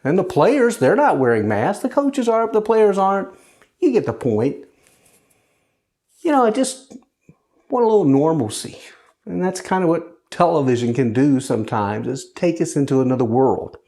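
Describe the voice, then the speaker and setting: A man's voice: on the high side, big pitch swings, moderate pace, darkish tone. A man hosting a personal monologue show, talking in a conversational, wry way, sometimes sarcastic, as a widower living alone. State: widowed, grieving. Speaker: host.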